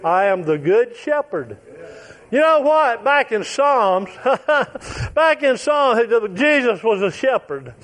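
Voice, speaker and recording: A man as a preacher: very high voice, unhurried, emphatic and repetitive, builds to shouts. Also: very animated. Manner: occasional shouts and chuckles. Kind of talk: sermon.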